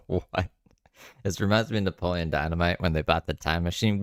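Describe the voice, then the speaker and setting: A man's voice: low voice, normal speed, no room sound, studio quality. A man streaming casual reaction commentary, skeptical and sarcastic, swearing freely.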